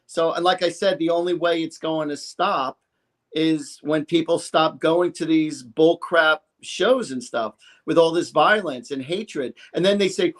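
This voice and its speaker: A man's voice: on the high side, unhurried. A man in his fifties, a psychic guest on a talk show, talking in an emphatic, rambling way and acting out quotes. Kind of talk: animated talk show chat.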